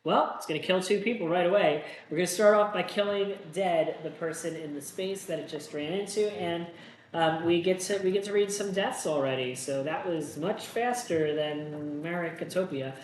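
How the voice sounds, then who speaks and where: A man's voice: a little high, normal speed, reverberant, slight background noise, low-quality recording. Casual man hosting a board game playthrough. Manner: casual, self-deprecating, thinks aloud. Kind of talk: solo board game playthrough with read-aloud story text.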